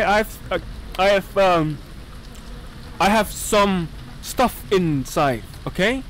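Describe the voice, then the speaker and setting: A man's voice: sits high, animated, slow pace, long pauses, a bit bright. A young man playing a horror game and commentating, jumpy and talking back to the characters on screen. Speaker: gaming channel host. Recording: faint background noise.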